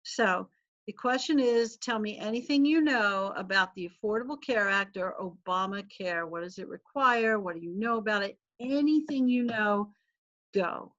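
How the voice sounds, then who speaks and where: A woman's voice: medium pitch, moderate pace, a bit bright, no echo, muffled recording. A woman teacher giving a casual, joking lecture to an online class, laughing often as she talks.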